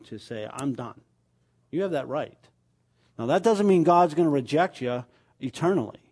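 A man leading a small church group, giving announcements and talking things over in a halting way, with lots of fillers and restarts. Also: medium pitch, warm tone. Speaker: pastor.

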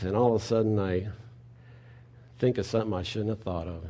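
A man preaching a sermon in a conversational way, asking rhetorical questions and moving between quiet and loud delivery. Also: lowish voice, a little fast, long pauses. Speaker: pastor.

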